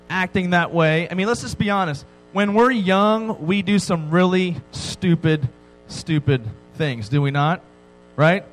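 A man's voice: high voice, low-quality recording. Joking male preacher telling a story. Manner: joking, animated storytelling with frequent "right?" asides. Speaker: pastor. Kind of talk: sermon to a youth audience.

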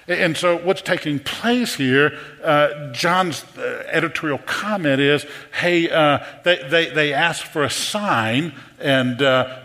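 A man preaching a sermon, animated and full of rhetorical questions to his congregation. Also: a little high. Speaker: pastor. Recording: long hall reverb.

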